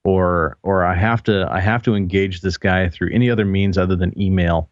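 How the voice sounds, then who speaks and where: A man co-hosting a live talk show in casual chat, halting and repeating words as he tells a story. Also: sits low, steady tone, no echo. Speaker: co-host. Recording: dull lo-fi mic sound.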